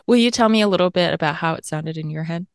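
A woman co-hosting a poetry podcast, reading a bio and then a poem aloud in a measured, rhythmic way. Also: on the low side, vocal fry, no echo, studio quality. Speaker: podcast co-host.

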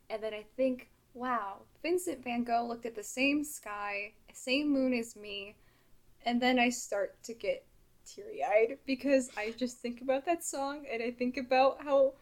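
A high-voiced woman co-host from Wisconsin talks in an emotional, gushing way. She pours out her feelings in casual podcast chat. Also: unhurried. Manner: emotional and effusive.

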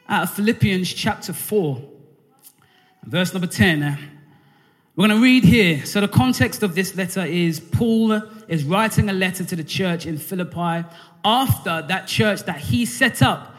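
A man preaching a sermon in a church, talking conversationally and drawing the congregation into call and response. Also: high voice. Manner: conversational, with frequent fillers and restarts. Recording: hall reverb.

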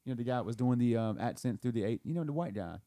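A man's voice: mid-range voice, lively intonation, very fast, dark tone, dry recording, clean studio sound. A man chatting casually with friends, laughing often and trying out impressions. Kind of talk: casual chat.

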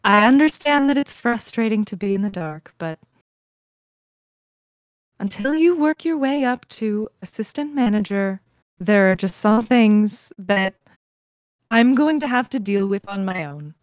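A woman voicing a haughty, patronizing woman who runs a girls' school, speaking in a measured, condescending way in a tabletop game. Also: fairly high pitch, expressive, no echo.

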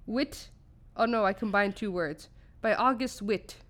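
A woman's voice: medium pitch, unhurried, a bit bright. A young woman from California co-hosting a podcast, casually telling a ghost story, swearing freely and tripping over names. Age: young adult. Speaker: podcast co-host.

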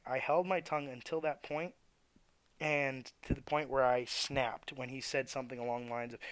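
A man's voice: mid-range voice, fairly bright tone, clear, resonant tone, no echo. A young man ranting bluntly and profanely as a podcast host, venting about customers at his tire shop. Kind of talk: ranting monologue.

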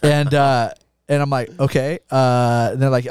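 A man at a middle pitch spins a rowdy story for his podcast, swearing freely and laughing through it. When he quotes himself or others, his voice leaps higher. The sound is close and dry, with no room around it. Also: moderate pace, a little mellow, clear, resonant tone, dry recording. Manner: profane, laughing, acts out his own lines in a higher voice. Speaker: podcast co-host. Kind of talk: casual storytelling chat.

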